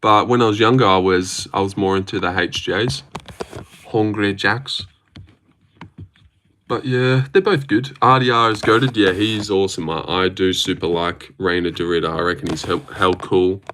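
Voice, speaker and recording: Laid-back young Australian man, low voice. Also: fairly even intonation, normal speed, a bit bright, slight background noise. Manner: laid-back, jokey, answers chat questions with mumbled asides. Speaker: streamer reading chat. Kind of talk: casual livestream chat.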